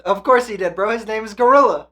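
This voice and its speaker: Quick and high-pitched, this anime reaction host chats with casual excitement and plenty of swearing. His mood jumps from hyped yelling to quiet, reflective moments.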